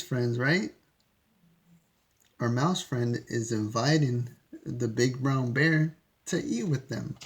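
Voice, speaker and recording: A man's voice: medium pitch, slow, long pauses. A man reading a picture book aloud to children, chatty and asking listeners questions between pages. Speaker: storyteller. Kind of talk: children's read-aloud storytime.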